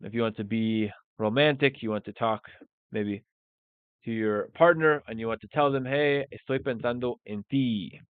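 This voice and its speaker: A man teaching a live English lesson in a relaxed, think-aloud way, dropping Spanish phrases in as he goes. His voice is smooth and clear, but it comes through a narrow, phone-like line with almost no room sound. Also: fairly low pitch, moderate pace, dry recording. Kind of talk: live-streamed language lesson.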